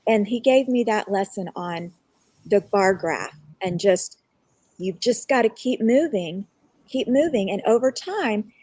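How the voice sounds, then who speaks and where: A woman's voice: medium pitch, lively intonation, measured pace, a little mellow, husky, no echo. A woman guest on a live online show, telling a personal story in an earnest, reflective way.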